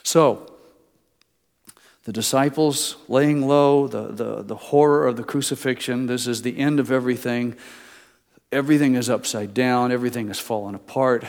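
A man preaching a sermon, retelling a story, swinging between loud emphasis and soft, slow asides. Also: mid-range voice, fairly even intonation. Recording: long hall reverb.

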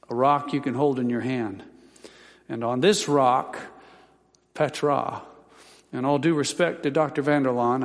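A man's voice: medium pitch, long reverb tail. A man preaching a sermon as pastor, teaching scripture in a folksy way with joking asides.

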